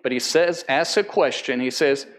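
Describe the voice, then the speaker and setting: A male pastor preaches a Sunday sermon to his congregation at a church service. He's earnest, slowing right down on key phrases and climbing higher in pitch when pressing a point.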